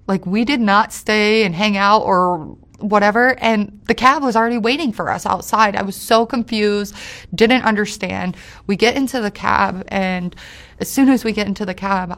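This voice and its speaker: A medium-pitched woman, appearing as an interview guest, hesitates her way through a personal story full of fillers. Painful moments make her voice drop low, while anger brings it back up.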